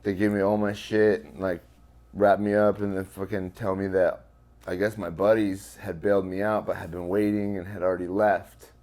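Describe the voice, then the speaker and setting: Speaking at normal speed in a deep, level voice with a slightly mellow quality, a male interview guest recounts something from his own life. His talk is casual and profane, peppered with fillers.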